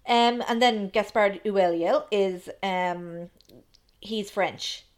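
A woman co-hosts a casual film podcast in a mid-pitched voice. She talks in a chatty, analytical way and fills her pauses with ums. Her points come in a relaxed, conversational flow. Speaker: podcast co-host.

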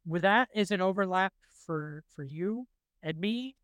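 A man in his forties talks in relaxed podcast chat, his fairly high voice carrying a smooth, resonant tone. He gets animated and slips into funny voices to quote cartoon lines. The sound is dry and close. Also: unhurried, dry recording. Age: 40s. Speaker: podcast co-host. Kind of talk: casual chat.

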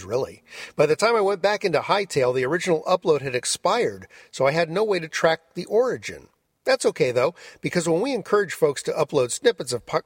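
Brief: male podcast host, husky, lively pitch, dry close sound. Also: dry recording. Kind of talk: introducing clips.

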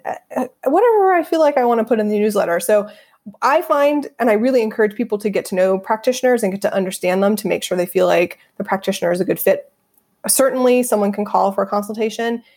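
An earnest, reflective middle-aged woman speaks as a podcast guest, her voice sitting at an ordinary pitch. She explains her practice in a conversational way and breaks into laughter easily. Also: a little mellow. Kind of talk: conversational interview answers.

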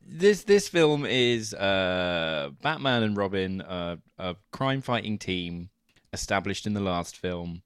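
A man co-hosts a film podcast and sums up the plot in wry, deadpan banter. His voice is mid-pitched but lively in its ups and downs. The sound is close and dry. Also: takes it slowly, clear, resonant tone, dry recording. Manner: wry, deadpan summaries and jokes. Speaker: podcast co-host. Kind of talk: casual film-review chat.

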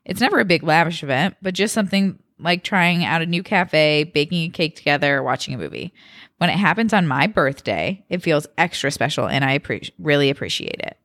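A woman's voice: low-pitched, expressive, fairly quick, a bit bright, no echo, clean studio sound. A young woman co-hosting a podcast, chatting casually and reading a forum post aloud in an easygoing tone. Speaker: podcast co-host.

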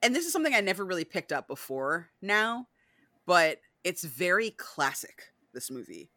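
A woman's voice: on the low side, very animated, moderate pace, pushed and bright, dry recording, studio quality. A woman hosting a podcast, chatting casually and animatedly, swearing freely and acting out movie lines. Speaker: podcast host.

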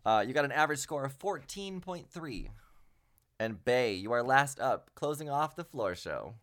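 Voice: medium pitch, moderate pace. A game master running a tabletop game, narrating crowd reactions and asking for skill rolls. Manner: lively, laughing.

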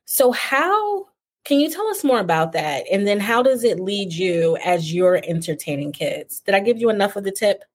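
A woman hosting a casual interview chat, talking in a relaxed, filler-heavy way with frequent laughs. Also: medium pitch, moderate pace. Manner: chatty, warm filler-heavy talk with laughs. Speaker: host.

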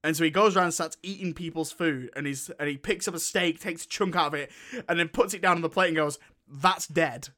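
A chatty man co-hosting a film podcast, talking loosely and laughing his way through plot summaries. His voice sits a little high and sounds bright and forward. He rambles, restarts and acts out bits of scenes. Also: fairly quick. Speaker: podcast co-host. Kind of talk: casual film review chat.

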